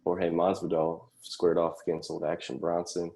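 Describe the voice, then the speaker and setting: A man's voice: deep voice, completely flat delivery, moderate pace, vocal fry, dark tone. A man co-hosting a podcast, trading crude jokes in casual chat. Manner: joking, crude banter. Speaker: podcast co-host.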